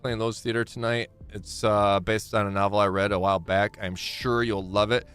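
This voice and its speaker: Smooth-voiced man streaming a game. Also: fairly low pitch, little pitch movement, a bit bright, faint music behind. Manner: reads game letters aloud haltingly, with many fillers and restarts; chatty, talks to himself. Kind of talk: live gameplay commentary.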